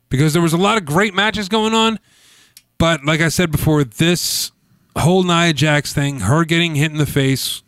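Animated jokey male podcast host. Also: clean tone, no echo. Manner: animated, jokey, reads ad with big pitch swings. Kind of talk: casual wrestling chat with read ad.

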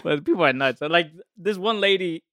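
Bright high guy, super animated, slangy podcast banter. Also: normal speed, dry recording, clean studio sound. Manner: animated, laughing, swearing, slangy. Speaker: podcast co-host. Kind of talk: casual chat.

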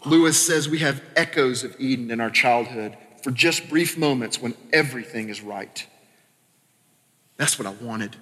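A man from Arkansas preaching a sermon as a pastor, talking conversationally with quick asides and sudden quiet drops. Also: medium pitch. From Arkansas, American South. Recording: long reverb of a church hall.

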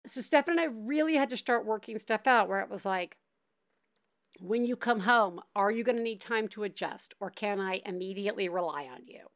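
A woman's voice: medium pitch, lively intonation, fairly quick, no room sound, clean studio sound. A woman hosting a podcast, reassuring a caller in a loose, laughing, rambling way with many fillers. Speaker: podcast host. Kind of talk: casual advice chat.

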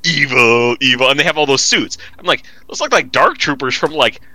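A man's voice: a little high, big pitch swings, a little fast, bright, forceful tone, dry recording. A man chatting casually on a podcast, rambling and acting out lines in silly voices. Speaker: podcast co-host. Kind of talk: casual chat.

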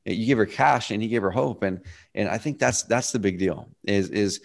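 A man's voice: lowish voice, moderate pace, creaky. A man hosting a casual podcast, upbeat, with stammering restarts, speaking straight to his listeners. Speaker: podcast host.

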